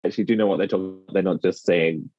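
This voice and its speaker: Talking rapid-fire in a low-pitched voice with fairly even intonation, a dialect coach from the United Kingdom explains his work and acts out the phrases he quotes, in a British accent. The recording is dry, with a slightly dull lo-fi sound.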